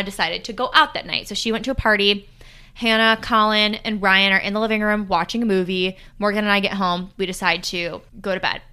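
Bright chatty young woman storyteller. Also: medium pitch, smooth. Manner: chatty, lots of "like" and "you know". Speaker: podcast host. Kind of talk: casual storytelling.

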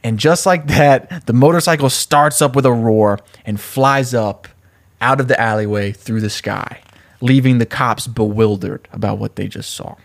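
A man with a mid-range voice chats casually as he walks through a story he's invented, scene by scene. He laughs often and keeps the telling lively and informal. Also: medium pitch, normal speed, gravelly. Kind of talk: casual chat, retelling a story.

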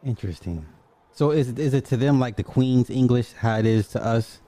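A man in casual chat, relaxed and curious, laughing easily as he tells a story. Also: mid-range voice, moderate pace.

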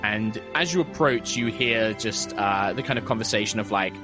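A man's voice: on the low side, moderate pace, few pauses, sharp tone, faint music behind. A man narrating as the game master of a tabletop game, chatty and laughing often.

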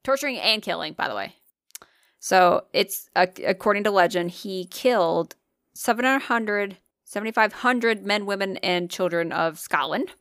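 A woman's voice: medium pitch, normal speed, a bit bright, no room sound, studio quality. A young woman co-hosting a casual podcast, telling ghost stories in a chatty way, swearing and laughing often. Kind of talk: casual chat.

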